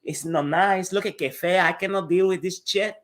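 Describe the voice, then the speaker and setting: A blunt, grumbling Cuban grandmother in her eighties, as her grandson puts her on, speaking broken English with a Cuban Spanish accent. She curses freely and flatly refuses whatever she is told to do. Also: high-pitched, moderate pace. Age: 80s.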